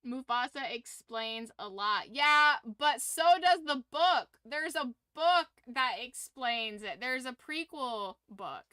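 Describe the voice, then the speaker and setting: A woman streaming from her room at home, chatting casually with viewers in a rambling, excitable way and laughing often. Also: sits high, slow, hardly any pauses, clean tone, no room sound. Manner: animated, rambling fan enthusiasm with frequent laughs.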